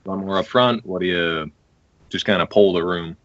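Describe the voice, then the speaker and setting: A man playing a tabletop role-playing game, talking casually and low-key. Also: normal speed, a bit bright, highs cut off. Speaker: player.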